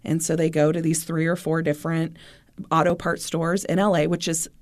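Midwest lady podcaster telling a true crime story, chatty, lowish voice. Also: little pitch movement, moderate pace. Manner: chatty retelling, acts out dialogue. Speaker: podcast host.

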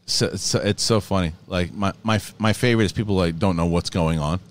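A man's voice: low voice, a little fast, slight background noise. A man hosting a podcast, chatting casually in a rambling way with frequent laughs and restarts. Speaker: podcast host. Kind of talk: casual chat.

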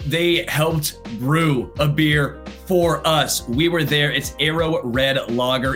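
Laid-back man chatting, faint music behind. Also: medium pitch. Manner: joking, reads sponsor plug in relaxed chat tone. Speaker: podcast co-host. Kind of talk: casual sports chat.

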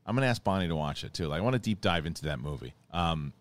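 A man hosting a podcast, chatting casually in a rambling, animated way with many restarts. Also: sits low, rapid-fire, no room sound. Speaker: podcast host. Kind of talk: casual chat.

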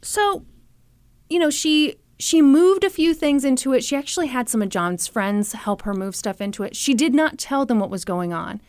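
A young woman hosting a podcast, telling a true crime story in an animated, chatty way full of "like" and "you know". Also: sits high, normal speed, dry recording. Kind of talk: casual storytelling chat.

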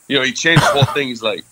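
A man's voice: medium pitch, bright, forceful tone, a little hiss or hum, low-quality recording. A man who served in the Army, telling a candid story in casual talk with lots of fillers and some swearing. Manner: frequent fillers, candid and profane. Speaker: interview guest, Army veteran.

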